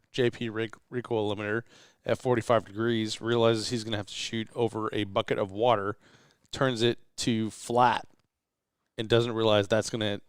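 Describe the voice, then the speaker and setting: Smooth low-voiced man telling anecdotes. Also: dry recording, clean studio sound. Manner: storytelling, animated anecdotes. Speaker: podcast guest. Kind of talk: late-night casual chat. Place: indoors in a rental house.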